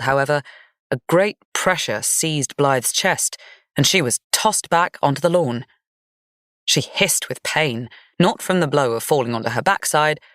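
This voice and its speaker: A woman narrating a gothic fantasy romance audiobook in an even, measured storytelling manner. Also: a bass voice, dry recording, clean studio sound.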